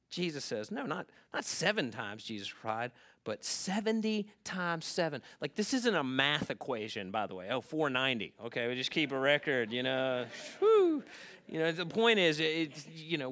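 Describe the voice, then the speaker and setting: A man delivering a sermon in a bright, fairly high voice. He talks to his listeners conversationally and keeps checking in with them. He drops to quiet asides, then rises to loud, emphatic peaks. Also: moderate pace. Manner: animated, swings between hushed asides and loud emphatic bursts; conversational, checks in often with "right?" and "okay?". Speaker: pastor.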